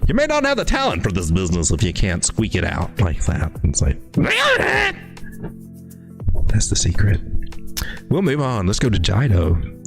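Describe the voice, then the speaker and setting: A man with a deep, low voice hosts a casual live crypto stream, thinking aloud over the charts. His delivery is folksy and rambling, full of restarts. His pitch swings widely, and faint music plays underneath. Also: huge pitch swings, moderate pace. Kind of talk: casual live market commentary.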